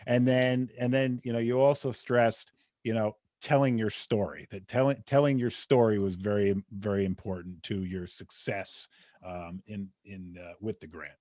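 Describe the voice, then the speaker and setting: A podcast host chats in a relaxed, agreeable way during a casual podcast interview. His voice is on the low side at a moderate pace, with a dry recording and clean studio sound.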